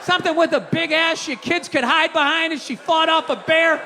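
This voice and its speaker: High-voiced man ranting on a stage. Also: normal speed. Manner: profane ranting with shouted bursts. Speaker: stand-up comedian. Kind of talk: stand-up comedy. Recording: echoey hall, live crowd, background noise.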